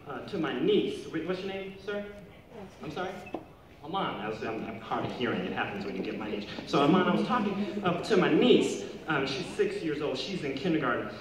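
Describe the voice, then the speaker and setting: A middle-aged man giving a playful, humorous speech to a school audience, rising high when he stresses a point. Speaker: speaker addressing students. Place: large hall or gym. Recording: echoey hall from far off with room noise.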